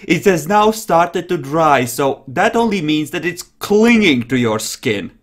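A young man narrating a tabletop role-playing game as game master, lively and quick to laugh. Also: fairly high pitch.

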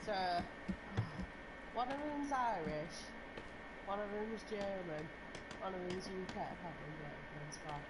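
A woman chatting and telling stories while gaming live, swearing freely and laughing loudly. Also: mid-range voice, moderate pace. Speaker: streamer. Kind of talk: casual chat while gaming. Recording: background noise.

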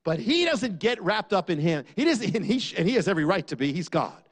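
A man preaching a sermon, asking rhetorical questions and dropping low on key lines. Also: very animated, fast.

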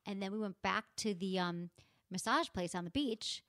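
A woman's voice: medium pitch, moderate pace, fairly bright tone, no echo, studio quality. A woman in her thirties, a podcast host, telling a story in casual chat and acting out the quotes.

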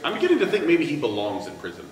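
A man giving wry, deadpan mock sports commentary in a comedy sketch. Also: a little high, racing, far from the mic. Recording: echoey room with noise.

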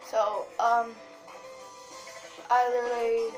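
A young woman chatting excitedly in a casual vlog, rambling with lots of fillers. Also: fairly high pitch, slow. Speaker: vlogger. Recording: music playing behind.

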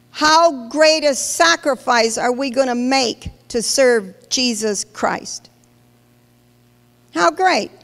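Her high, slightly bright voice carries through a large church hall with a long, echoing reverb. She is a pastor preaching with emphasis and asking the congregation pointed questions.

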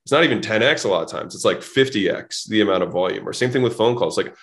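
A man's voice: lowish voice, expressive, quick pace, a bit bright. A man guest on a podcast telling blunt, casual stories, swearing freely and acting out both sides of conversations. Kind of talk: casual storytelling.

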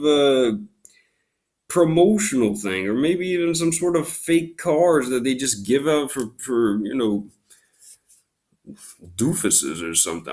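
A man hosting a casual unboxing video who gripes in mock outrage and breaks into loud exclamations. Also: medium pitch, expressive, slow. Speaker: YouTube unboxing host.

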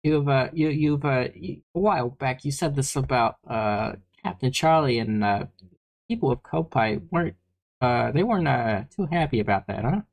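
Stammering, flustered woman with a lively voice. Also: a bass voice, moderate pace. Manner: stammering, flustered, repeats words. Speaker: podcast co-host. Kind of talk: comedic vtuber podcast banter.

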